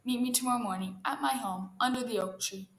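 A woman's voice: on the high side, brisk, natural voice. Woman voicing a greedy boastful hare, smug, taunting, roomy echo.

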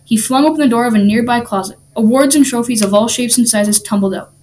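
A woman reading a children's storybook aloud in an animated, expressive way. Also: on the high side, fast talker, slight background noise.

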